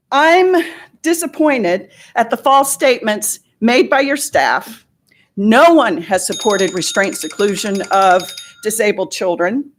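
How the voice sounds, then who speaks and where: A middle-aged woman giving impassioned public testimony as a parent at a board meeting, pointed and full of rhetorical questions. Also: a little high.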